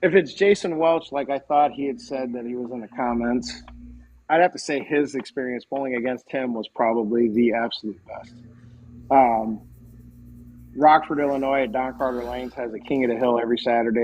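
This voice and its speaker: A man as a podcast guest, telling stories in a casual, animated way and acting out the dialogue. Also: mid-range voice, a little fast, highs cut off, slight background noise. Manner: animated, acts out quoted dialogue. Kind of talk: casual storytelling.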